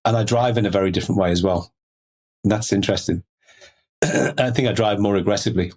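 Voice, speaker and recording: Brief: middle-aged man, lowish voice, chatty interview guest, loose and rambling. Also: fairly quick, darkish tone. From Liverpool, England. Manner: rambling, many "you know" fillers. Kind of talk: conversational storytelling.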